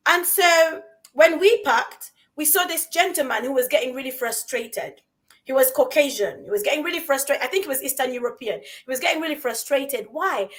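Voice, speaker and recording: A woman co-hosting a conversation, telling a story in an animated way and asking rhetorical questions. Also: high voice. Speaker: co-host.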